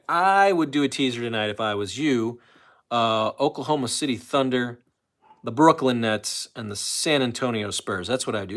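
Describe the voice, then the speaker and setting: A man chats loosely on his live stream and drifts from topic to topic as he reads out viewers' comments. His pitch swings up and down a lot around a medium voice. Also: a bit bright. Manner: rambling, chatty, reads chat comments aloud. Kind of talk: casual live stream chat.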